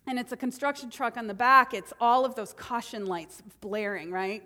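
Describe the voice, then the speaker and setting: A middle-aged woman minister giving a sermon, animated, acting out quotes with voice changes. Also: fairly high pitch, normal speed, few pauses. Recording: long reverb of a hall.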